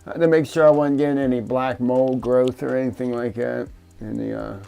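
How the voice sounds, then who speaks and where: Brief: male hobbyist, gravelly and dark, rambling and profane workbench chatter, faint music behind. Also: mid-range voice, level tone, brisk. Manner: rambling, profane, talks to himself while tinkering. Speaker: FPV drone hobbyist. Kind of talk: casual workbench chat. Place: home studio workshop.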